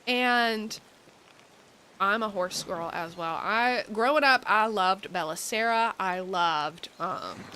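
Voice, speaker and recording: A young woman from the United States talks casually to her stream audience while she plays. Her voice sits at a mid pitch, and her chat rambles along, full of ums and likes. Faint rain patters behind her. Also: sharp tone, slight background noise, poor audio. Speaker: game streamer.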